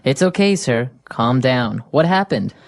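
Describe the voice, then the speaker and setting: A woman's voice: extremely low pitch, lively intonation, measured pace, no echo, exaggerated voice. A woman playing a polite male tech support agent who patiently reassures a panicked caller in a scripted learner dialogue. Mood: calm.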